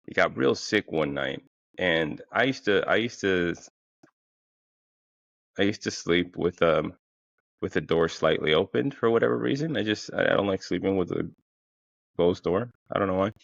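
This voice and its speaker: A podcast host tells a funny story, rambling and profane, full of fillers and restarts, and he sounds a little tired. His low-pitched voice is gravelly and a bit bright. The casual comic storytelling comes through a dull lo-fi, dry recording.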